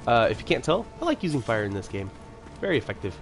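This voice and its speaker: A man's voice: mid-range voice, sing-song, quick pace. A man giving casual, rambling commentary while playing a video game, with chatty self-mocking asides. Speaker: let's-play commentator. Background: video game music.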